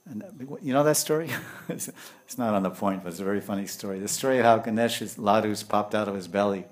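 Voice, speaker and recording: A man giving a devotional lecture in English with Sanskrit and Hindi terms, telling lively stories and swinging from hushed tones to loud bursts. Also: on the low side, quick pace. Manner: animated, acts out voices and laughter, swings from hushed to loud. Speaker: spiritual teacher.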